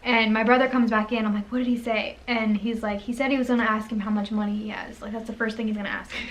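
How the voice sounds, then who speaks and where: A woman's voice: on the high side, steady tone, fast talker, slight background noise. A young woman co-hosting a casual chat, telling a story in a chatty way with lots of "like". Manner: chatty, says "like" a lot, quotes people. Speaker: co-host.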